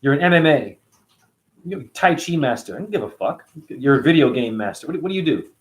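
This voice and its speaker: A man's voice: a little high, sing-song, fast talker. A middle-aged man hosting a spiritual livestream, ranting in a profane, preachy way and answering his chat.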